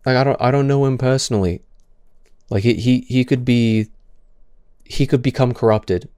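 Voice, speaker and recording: A man's voice: mid-range voice, fairly even intonation, normal speed, mellow, clean tone, no echo, clean studio sound. A man in his twenties who stutters, giving impassioned stream commentary with frequent restarts and repeated words.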